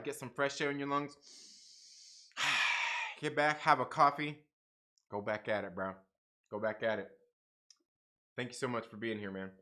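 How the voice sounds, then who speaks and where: Loud outbursts alternate with low asides as a young man hosts a relaxed livestream. He reads the chat and laughs often.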